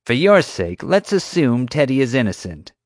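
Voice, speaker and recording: A man's voice: mid-range voice, sing-song, moderate pace, no echo, clean studio sound, pitched above the performer's own voice, close to an everyday voice. A man voicing a bossy, sneering female park security officer who snaps and accuses. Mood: scheming. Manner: snapping, accusing, sarcastic.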